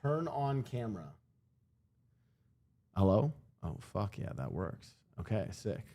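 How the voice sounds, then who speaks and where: A young man rambles through a casual reaction stream, swearing freely and restarting his sentences. His pitch swings widely as he talks. He is close on a streaming mic in a home room. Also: sing-song, takes it slowly, dark tone. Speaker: streamer and podcast host.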